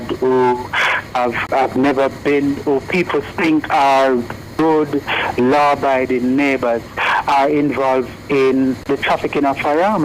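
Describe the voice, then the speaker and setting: A man, a senior police official speaking in formal police language with pauses and restarts. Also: medium pitch, a little hiss or hum, low-quality recording. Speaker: police division director. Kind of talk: news interview clip.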